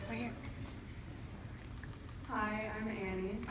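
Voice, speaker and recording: Woman fan, soft hesitant question; distant, very echoey convention hall with noise. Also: medium pitch, flat delivery, slow. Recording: echoey hall from far off, noisy.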